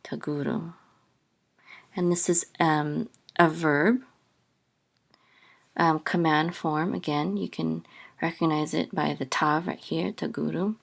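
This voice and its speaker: A woman teaching a lesson step by step, pausing often with ums and sometimes singing out syllables. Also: deep voice, fairly even intonation, creaky. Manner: sings out chanted syllables, many ums and restarts. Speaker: Hebrew teacher.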